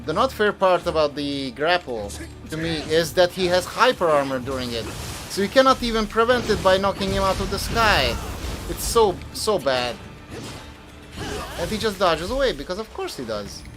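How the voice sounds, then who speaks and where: A young man streams a video game over music, his voice pitched high and very animated at a moderate pace. He narrates his play live, cursing and grumbling in exasperation at the enemy and his computer.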